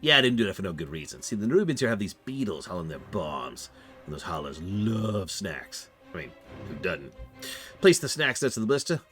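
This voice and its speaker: A brash, scheming goblin speaks, as a man puts on the voice, low and gravelly with a wide, bouncy swing in pitch. His talk is boastful and quick to sell a plan. Game music plays under him. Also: big pitch swings. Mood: cocky. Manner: gravelly goblin accent, swaggering.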